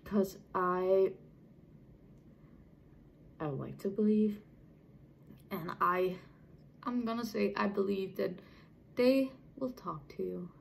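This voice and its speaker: A woman's voice: medium pitch, takes it slowly, vocal fry, long pauses, slight background noise, low-quality recording. A young adult woman vlogger talking casually to camera, rambling and chatty with frequent restarts. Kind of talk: casual unscripted talk to camera.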